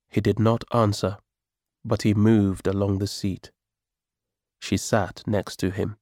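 A man reading a story aloud as its narrator, calm and measured. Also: fairly low pitch, no room sound, clean studio sound.

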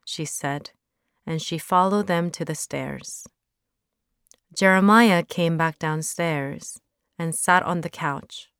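A woman narrating a story aloud in a slow, careful reading. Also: deep voice, fairly bright tone, clean tone, no room sound, clean studio sound.

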